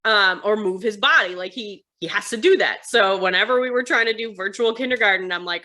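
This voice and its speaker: A woman from the United States, a guest in a casual interview, telling stories in an animated way and acting out the voices of others. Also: mid-range voice, moderate pace. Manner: animated storytelling, acts out her sons' voices. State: tired.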